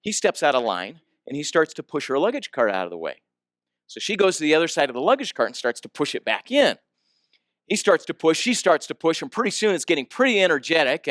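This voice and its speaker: A man's voice: on the high side, no echo, studio quality. A man giving a storytelling talk, asking the audience questions and acting out the people in his story. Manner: animated storyteller, asks the audience questions, acts out quoted voices. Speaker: speaker.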